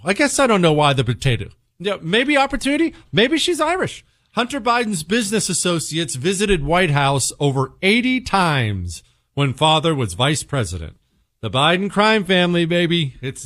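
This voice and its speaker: Animated sarcastic male talk radio host. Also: no room sound, studio quality. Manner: sarcastic, animated, swings pitch for emphasis. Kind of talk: opinionated talk radio monologue.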